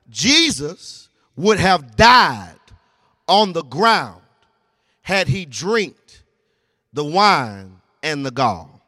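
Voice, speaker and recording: A man preaching a sermon. He uses call and response and repeats lines, moving from low, quiet passages to shouted, sing-song peaks. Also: no echo, studio quality. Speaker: pastor.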